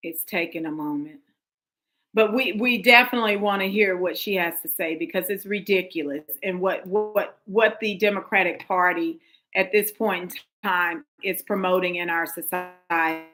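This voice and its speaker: Bright-voiced woman hosting a livestream. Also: fairly low pitch, normal speed, rough recording. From United States. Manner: emphatic, addresses viewers directly, frequent restarts. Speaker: livestream host. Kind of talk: livestream commentary.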